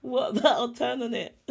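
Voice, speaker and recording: A woman's voice: fairly high pitch, creaky. A woman chatting casually while playing a game, talking to herself and to the animals in it. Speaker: game streamer. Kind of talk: casual gameplay chat.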